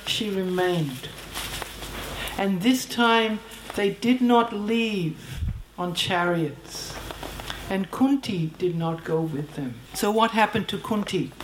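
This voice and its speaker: A woman retelling an ancient epic in an earnest way, repeating words for emphasis. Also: medium pitch. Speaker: storyteller. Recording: roomy echo, faint background hum.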